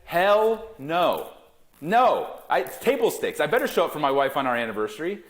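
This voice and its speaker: An emphatic middle-aged man speaks in a business interview with a lively, swinging pitch. He punches his key words and slips into quick acted-out quotes. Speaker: guest, gifting company founder. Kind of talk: animated business interview talk.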